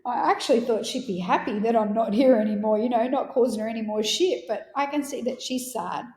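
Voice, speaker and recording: A man's voice: very high voice, a little fast, darkish tone. A woman quoting her joking elderly grandfather, blunt and casual, with mild swearing. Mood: rueful. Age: older. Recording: roomy echo.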